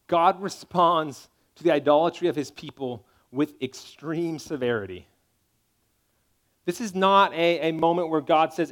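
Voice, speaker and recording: A man's voice: fairly high pitch, measured pace. A man preaching a sermon as pastor, talking in a conversational but emphatic way and checking in with his listeners as he goes.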